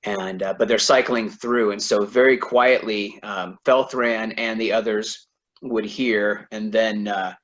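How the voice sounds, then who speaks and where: A man's voice: fairly low pitch, fairly even intonation, measured pace, a bit bright. Man, game player, hesitant, lots of fillers, dull lo-fi mic sound. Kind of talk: casual in-character play narration.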